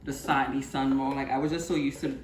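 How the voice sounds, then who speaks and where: A Trinidadian woman in her twenties telling stories and chatting casually while she cooks, going quiet for cooking asides. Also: rumbling low, level tone, brisk, roomy sound. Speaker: channel host cooking. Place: home kitchen.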